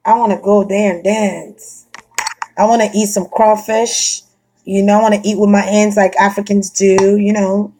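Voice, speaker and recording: A woman chatting casually and bluntly, swearing freely, laughing often and getting animated. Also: medium pitch, normal speed, a little hiss or hum. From Florida. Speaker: vlogger chatting to a friend. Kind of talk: casual chat.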